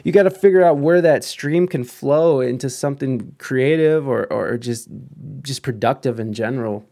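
A man's voice: mid-range voice, normal speed, mellow. A man in his thirties talking casually and earnestly, rambling with many restarts and frequent swearing. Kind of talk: casual chat.

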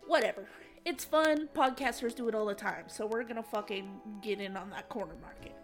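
A woman's voice: medium pitch, fairly quick, over music. A young woman co-hosting a podcast in casual chat, teasing and blunt, swearing freely. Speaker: podcast co-host.

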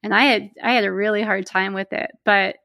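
A woman, a guest telling personal stories in a lively, casual way, laughing now and then. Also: mid-range voice, brisk, gravelly, dry recording. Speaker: interview guest. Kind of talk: casual storytelling.

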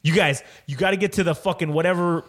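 A man's voice: high-pitched, fast, fairly bright tone. A man voicing a curt, secretive male handler giving orders over the radio.

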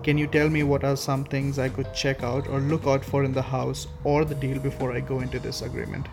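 A man reading out his question for a podcast in a flat, even delivery. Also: mid-range voice, brisk, vocal fry. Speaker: listener sending a question. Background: music.

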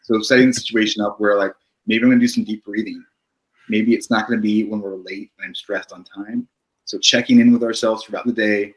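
Calm low-voiced male therapist. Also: brisk, poor audio. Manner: calm, reflective, often ends with "right?". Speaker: therapist guest. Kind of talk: podcast conversation.

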